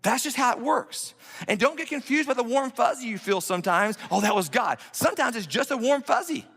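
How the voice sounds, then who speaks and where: A man's voice: very high-pitched, expressive, fairly quick, bright, forceful tone. A man in his fifties, a pastor preaching an emphatic, conversational sermon full of rhetorical questions, in a church. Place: church sanctuary. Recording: long hall reverb in a church.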